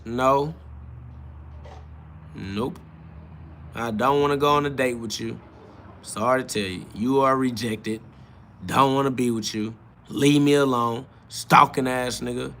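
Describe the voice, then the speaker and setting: A man's voice: medium pitch, steady tone, a little slow, pauses often, a bit bright. A man hosting a live-stream podcast, reading out chat comments and answering them in a confrontational, profane, mocking way. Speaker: livestream podcast host.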